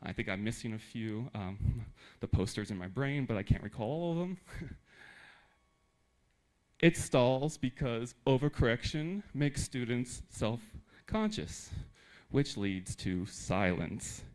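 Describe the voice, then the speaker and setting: Animated American man giving a talk. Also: mid-range voice, takes it slowly. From United States. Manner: animated, talks with humor and audience asides. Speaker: conference speaker. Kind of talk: live presentation to teachers. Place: theater.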